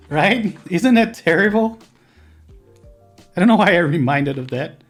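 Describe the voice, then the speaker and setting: Chatty Brazilian man streaming a build. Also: high-pitched. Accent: Brazilian Portuguese. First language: Portuguese. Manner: chatty, laughs often, answers chat while working. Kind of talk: casual live-stream chat.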